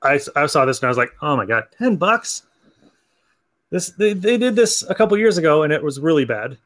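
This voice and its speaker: A man's voice: fairly high pitch, big pitch swings, fairly quick, a bit bright. A man hosting a comic book podcast, chatting casually, laughing often and acting out lines from comics. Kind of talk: casual chat.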